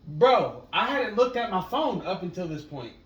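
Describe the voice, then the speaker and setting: A man co-hosting a casual podcast, telling stories in a laid-back, profane way that gets loud when he is excited. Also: high-pitched, moderate pace, lo-fi sound. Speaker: podcast co-host. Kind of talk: casual storytelling chat. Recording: echoey room, mic at a distance, noisy.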